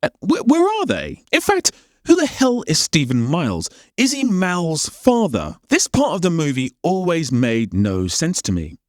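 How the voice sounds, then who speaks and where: A man's voice: fairly high pitch, huge pitch swings, measured pace, no room sound, clean studio sound. A man narrating a comedic film critique, firing off exasperated, incredulous questions. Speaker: film commentator.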